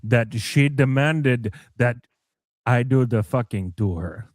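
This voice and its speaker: A man voicing a scheming male office worker with slow, mock-earnest phrasing. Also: medium pitch, dry recording, studio quality, voice pushed down, natural voice.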